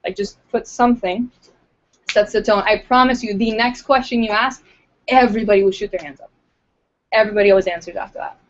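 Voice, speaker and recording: A woman's voice: medium pitch, fairly quick. A woman recruiter coaching a small group in a casual, chatty way, full of fillers, acting out interview lines as she goes. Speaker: recruiter giving training. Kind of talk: casual training talk to a group. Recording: dull lo-fi recording.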